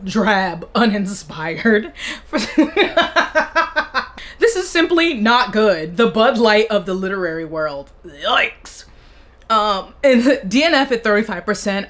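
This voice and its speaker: Woman, young adult, book vlogger, sarcastic, animated, casual reaction talk. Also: mid-range voice. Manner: sarcastic, animated, laughs between lines.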